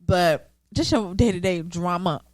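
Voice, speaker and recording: A woman's voice: fairly low pitch, measured pace, no echo. A woman co-hosting a casual podcast chat, blunt and emphatic, swearing freely. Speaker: podcast co-host.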